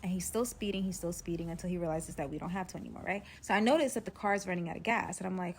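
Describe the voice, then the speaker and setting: A young woman telling a personal story in a casual, slangy, animated way, acting out the dialogue as she goes. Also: fairly low pitch, fast, few pauses, slight background noise.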